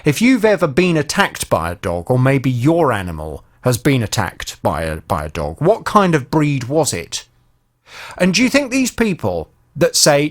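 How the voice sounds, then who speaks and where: A man's voice: a little high, wildly swooping pitch, moderate pace. A man hosting a radio phone-in show, talking directly to listeners in a conversational way.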